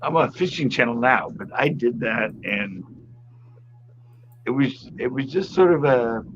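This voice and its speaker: A man's voice: mid-range voice, expressive, a little slow, fairly bright tone. Chatty man telling stories with laughs. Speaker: guest. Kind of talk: casual chat on a livestream. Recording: slightly dull sound, faint noise.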